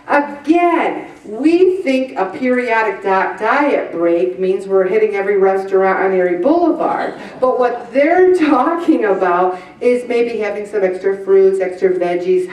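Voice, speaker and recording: A woman leading a weight-loss group presentation, chatty and animated, acting out little voices. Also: mid-range voice. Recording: roomy echo from far off the mic.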